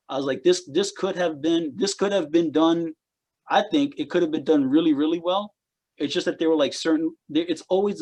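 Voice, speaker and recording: A man's voice: on the high side, a little mellow. A man co-hosting a casual wrestling chat podcast, rambling and repeating words as he picks apart what he watched. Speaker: podcast co-host.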